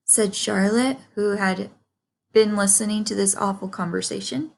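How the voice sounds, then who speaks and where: A woman reading a children's book aloud chapter by chapter, in an unhurried, gentle narration. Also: medium pitch, vocal fry. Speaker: reader. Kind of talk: storybook read-aloud.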